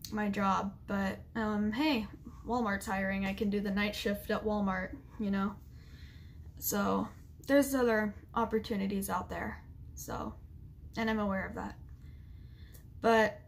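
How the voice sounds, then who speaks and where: A young woman talks to her camera, her voice close to tears as she holds them back. She stumbles through fillers and restarts, sitting at an ordinary mid pitch for a woman. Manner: halting, with many fillers and restarts. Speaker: vlogger. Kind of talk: emotional apology vlog.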